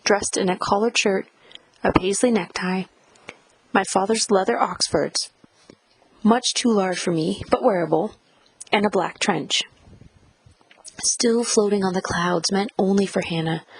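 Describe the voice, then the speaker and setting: A woman narrating a first-person audiobook in a measured, reflective reading style. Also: mid-range voice, husky, rough recording.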